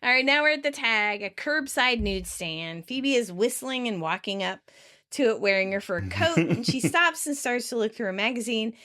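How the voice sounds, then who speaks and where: Playful higher-voiced woman co-host. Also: expressive, normal speed, pushed and bright. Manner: playful, laughs often, jokes about the scenes. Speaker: podcast co-host. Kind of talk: casual recap, reading out the scenes.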